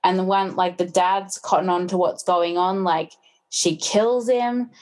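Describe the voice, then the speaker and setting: A woman's voice: lowish voice, steady tone, measured pace, a little mellow. A woman chats loosely on a podcast. She keeps retelling stories, filling gaps with little fillers as she goes. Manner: chatty, lots of fillers, retells plots. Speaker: podcast guest. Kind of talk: casual chat.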